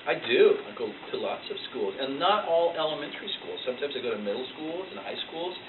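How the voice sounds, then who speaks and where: A man's voice: fairly high pitch, fast talker. A man who tells stories for a living, answering a child's questions in a casual, playful interview in a school library. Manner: playful, animated storyteller. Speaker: storyteller being interviewed. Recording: tinny, distant, echoey and noisy.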